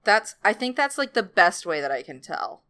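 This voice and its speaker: A woman's voice: mid-range voice, very animated, moderate pace, bright, forceful tone. A young woman chatting casually as a podcast co-host, playful and enthusiastic. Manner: playful, enthusiastic, trails off into laughs. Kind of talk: casual chat.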